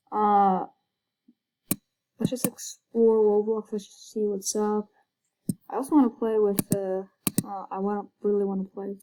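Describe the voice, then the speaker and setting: A woman's voice: medium pitch, dark tone, poor audio. A woman giving hesitant, casual commentary while playing a video game, full of fillers and whispered asides. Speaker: gaming video creator.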